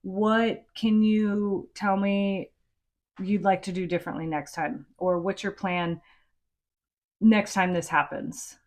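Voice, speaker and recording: A woman's voice: medium pitch, steady tone, slow pace, darkish tone. A middle-aged woman hosting a podcast, giving frank, conversational advice and sometimes swearing. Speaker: podcast host. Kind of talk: casual advice talk.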